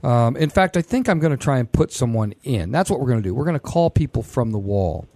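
A man's voice: mid-range voice, expressive, a little fast, warm tone, dry recording. A man hosting a casual call-in show, loose and rambling with lots of fillers. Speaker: podcast host.

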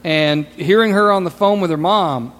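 A man's voice: high voice, normal speed, fairly bright tone, in a large hall. A man co-hosting a podcast, chatting casually in a profane, rambling way with stammering restarts. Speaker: podcast co-host.

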